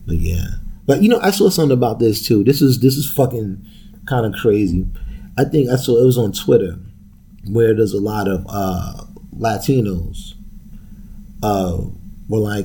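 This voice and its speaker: A man's voice: mid-range voice, animated, a little slow, dark tone, a little hiss or hum. A man hosting a solo podcast, talking in a loose, profane, rambling way and laughing often. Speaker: podcast host. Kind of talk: casual solo podcast rant.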